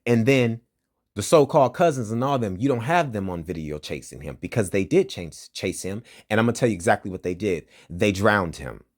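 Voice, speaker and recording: An agitated man reads a news report in a lowish voice, then cuts in with angry, profane commentary. His delivery swings between flat reading and loud outbursts. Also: a little fast. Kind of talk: angry commentary over a read-out news story.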